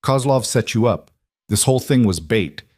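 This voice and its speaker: A man voicing a sharp, urgent woman combat trainer in an audio crime story, giving warnings. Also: medium pitch, animated, moderate pace, no echo, studio quality, natural voice.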